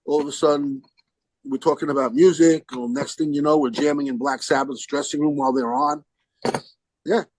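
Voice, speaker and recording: A man's voice: fairly high pitch, no room sound, poor audio. A man telling a rambling story as a podcast guest, acting out the voices of the people he quotes. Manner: animated, acts out quoted voices; rambling with restarts. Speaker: guest musician. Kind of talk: casual anecdote telling.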